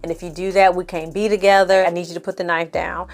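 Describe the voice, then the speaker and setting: A woman's voice: fairly low pitch, little pitch movement, fast, close to an everyday voice. A woman voicing a desperate woman who pleads and scolds, in her own voice, while retelling a scene. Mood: pleading. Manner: pleading, then firm and scolding.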